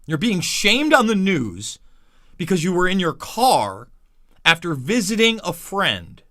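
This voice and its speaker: A man's voice: high-pitched, a little slow. A man hosting a commentary show, ranting and mocking over news clips with heavy repetition. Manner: animated, mocking, repetitive emphasis. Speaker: commentary host.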